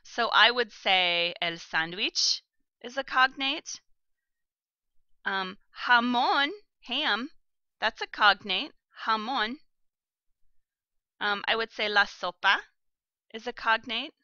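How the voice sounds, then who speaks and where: A woman teaching a vocabulary lesson, pronouncing each word slowly and carefully and giving plain instructions to her students. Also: fairly high pitch, sharp tone, no room sound, highs cut off. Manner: slow, careful pronunciation of vocabulary. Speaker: language teacher.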